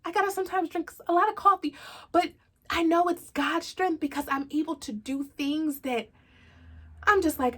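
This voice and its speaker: A woman's voice: extremely high pitch, steady tone, normal speed. A woman in her thirties hosting a casual devotional talk, earnest and chatty, calling listeners y'all with plenty of fillers. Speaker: host of a faith talk show.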